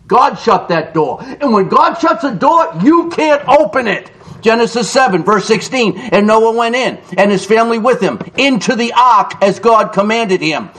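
A man delivers a fiery sermon in a high voice. He swings wildly in pitch, shouting some lines and dropping others to a low murmur. He reads scripture slowly and with weight. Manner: shouts for emphasis, swings between loud cries and low asides. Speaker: preacher.

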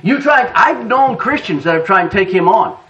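A man's voice: high voice, normal speed, far from the mic, highs cut off. A male pastor preaching a sermon, telling stories with laughter and acted-out quotes. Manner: animated storytelling preacher, laughs and acts out quotes.

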